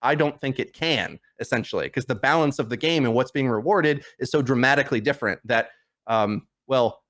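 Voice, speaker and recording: A man in a casual podcast chat about a video game. He rambles, restarts sentences and fills pauses with fillers. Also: mid-range voice, fairly bright tone. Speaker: podcast guest. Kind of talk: casual gaming discussion.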